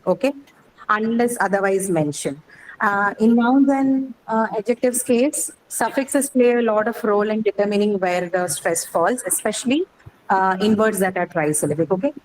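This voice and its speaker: A woman at a middle pitch teaches a class and walks through each point in turn. She keeps stopping to ask "okay?" to check that the student follows. A faint hiss of background noise sits under her voice. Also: moderate pace, a little mellow, rough recording. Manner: explains step by step, often checking with "okay?". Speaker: English teacher. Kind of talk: online class lecture.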